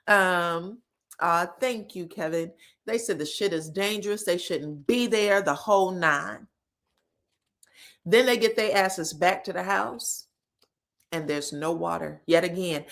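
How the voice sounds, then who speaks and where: Sassy, animated woman recapping TV. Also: medium pitch. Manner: animated and sassy, laughs a lot, acts out quotes. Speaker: reality TV recap host. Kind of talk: casual recap talk.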